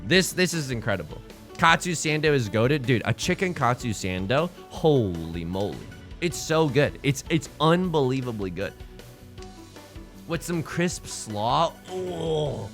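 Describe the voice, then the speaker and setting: A young man streaming a game, chatting casually and rambling excitedly to himself and his viewers. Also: medium pitch. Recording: faint music under the voice.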